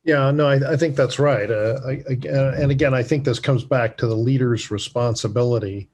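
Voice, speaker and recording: A man's voice: medium pitch, a little fast, darkish tone. A man in a podcast conversation, starting hesitantly with fillers as he builds his point. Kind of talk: conversational discussion.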